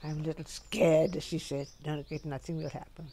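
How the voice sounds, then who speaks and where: An older woman recounts amusing episodes from her life at home, her low-pitched voice brisk over a little hiss or hum. She tells them with energy and laughs often.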